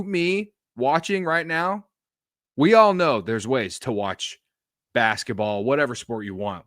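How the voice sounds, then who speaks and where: A young man from Illinois hosting a casual sports podcast, animated and self-mocking, rambling with restarts. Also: medium pitch, no room sound, studio quality. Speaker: podcast host.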